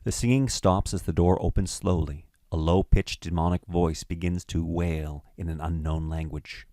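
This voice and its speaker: A man narrating a screenplay's stage directions in a measured, matter-of-fact way. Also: sits low, fairly even intonation, warm tone, no room sound, clean studio sound.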